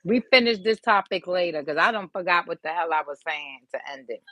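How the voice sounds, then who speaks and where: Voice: medium pitch, brisk, fairly bright tone, dry recording, rough recording. Rambling, subdued vlogger with dry sound. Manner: rambling, loose and profane, loses track of the thought. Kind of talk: casual to-camera vlog talk.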